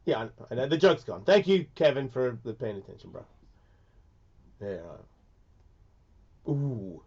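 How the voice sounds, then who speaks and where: A man hosting a radio show who talks in a rambling, profane way, swinging from mumbles to shouts, and says he is sick. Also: medium pitch, very animated, measured pace, husky, lo-fi sound. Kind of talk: casual radio chat.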